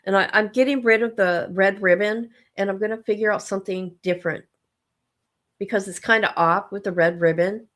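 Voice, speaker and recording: With a medium-pitched, fairly bright voice, fairly even intonation, and a fairly quick pace, an older mom and grandma chats on her livestream. She is sleepy and yawning, and her casual talk rambles with self-deprecating humor.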